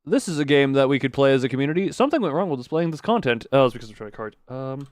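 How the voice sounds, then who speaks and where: A man streaming live, chatting casually while gaming, excitable and rambling with mild swearing and frequent laughs. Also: medium pitch, racing, dry recording.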